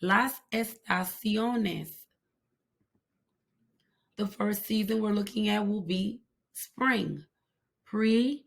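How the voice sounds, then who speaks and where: A woman teaching a language lesson, repeating each word slowly and carefully for pronunciation. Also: medium pitch, creaky. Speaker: Spanish teacher. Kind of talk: slow, deliberate language lesson.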